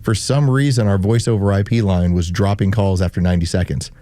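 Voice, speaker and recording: A man's voice: on the low side, steady tone, a little fast, mellow, dry recording. A male morning radio host telling stories in casual chat from a studio microphone. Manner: storytelling, rambling with restarts.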